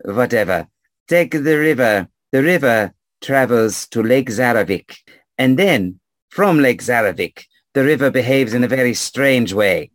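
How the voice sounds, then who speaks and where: A man's voice: mid-range voice, lively intonation, measured pace, no room sound, lightly acted. A man voicing a teasing, evasive Vistani man with a put-on French accent. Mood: sly. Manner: teasing, playful.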